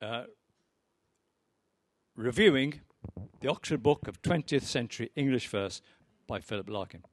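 A man's voice: medium pitch, expressive, measured pace, long pauses. A poet giving a reading of his poems with anecdotes, chatty and wry, full of ums and uhs.

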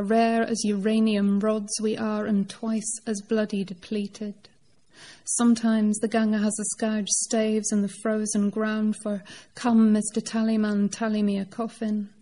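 A worn-out old unicorn working man speaks through this poem, as a woman reads him aloud. The delivery is measured and steady, with a flat, even pitch and a mellow, dark tone. It is a performed poetry reading, not a put-on character voice. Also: close to an everyday voice. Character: old male unicorn, weary labourer, gruff.

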